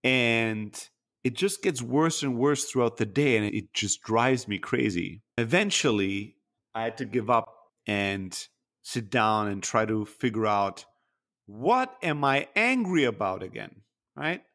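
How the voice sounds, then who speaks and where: A man's voice: medium pitch, animated, measured pace, a bit bright. A man co-hosting a podcast, talking candidly and introspectively in casual chat, swearing freely. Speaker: podcast co-host.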